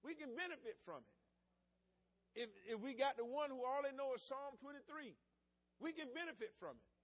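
High-voiced man preaching conversationally. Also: lively intonation, normal speed. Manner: conversational preaching, acts out little scenes with voices. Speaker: pastor. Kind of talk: sermon.

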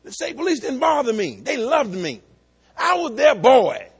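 A middle-aged man preaching a sermon, telling folksy stories and rising from low asides to shouted climaxes. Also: very animated, normal speed, husky. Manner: folksy storytelling, talks to the congregation directly. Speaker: pastor.

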